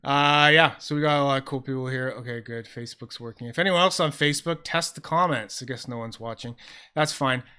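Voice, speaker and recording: A man chatting casually on a home livestream into a close, sensitive mic, rambling, excitable and swearing freely. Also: mid-range voice, a little fast, clear, resonant tone. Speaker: fidget toy livestreamer.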